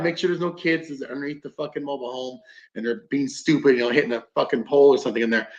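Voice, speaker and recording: A man's voice: a little high, steady tone, fast talker, fairly bright tone. A man, a podcast guest, telling a story casually with plenty of swearing and acted-out quotes. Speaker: podcast guest, combatives instructor. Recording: roomy, dull lo-fi sound.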